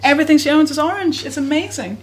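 A woman co-hosting a comedy podcast, telling stories in a casual, giggly way and bursting into shouted quotes. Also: high voice, quick pace, slight background noise. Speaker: podcast co-host.

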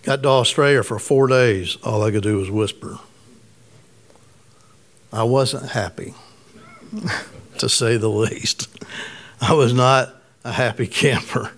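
A middle-aged man preaches in an easy, conversational way, with a slight rasp in his voice. He tells a personal story and turns to the listeners with questions now and then. His pitch sits in the middle. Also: slow, pauses often. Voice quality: slightly raspy. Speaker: pastor. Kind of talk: sermon.

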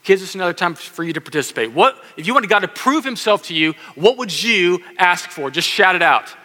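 A man preaching a lively sermon, acting out the voices in his stories and calling on the kids in the room. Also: high-pitched, brisk. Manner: animated, acts out quoted voices, addresses kids in audience. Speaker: pastor. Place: church sanctuary. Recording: long hall reverb.

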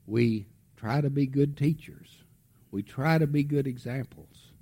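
Middle-aged man, pastor, husky voice, slow unhurried delivery, storytelling sermon. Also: mid-range voice. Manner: animated storytelling, drops to a hush for tender moments.

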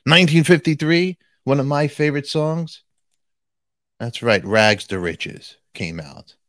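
A man's voice: a little high, unhurried, no echo. A man hosting his own channel, talking straight to viewers in a jokey, chatty way. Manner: animated, jokey, addresses viewers directly. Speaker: channel host.

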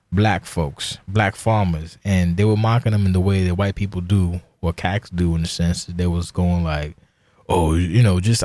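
Solo podcast host, male, low voice, dry close sound, profane heated rant. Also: darkish tone, dry recording.

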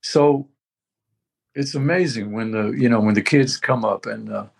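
A man's voice: medium pitch, a little slow, gravelly, husky. An older man talking casually as a veteran musician, rambling and reminiscing with many restarts. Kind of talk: casual conversation.

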